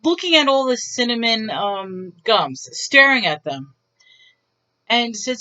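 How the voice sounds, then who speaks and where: A woman's voice: a little high, expressive, slow, pushed and bright, highs cut off. A woman casually telling retail stories to her viewers in a wry, bemused, chatty way, often restarting her sentences. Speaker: retail worker vlogger. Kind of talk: casual storytelling to camera.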